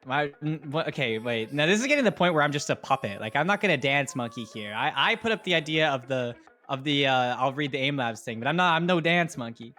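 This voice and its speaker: Excitable young man chatting on stream. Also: mid-range voice, soft background music. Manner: excitable, quick to get hyped, jokey asides. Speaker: streamer hosting a watch party. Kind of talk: casual chat reading stream chat.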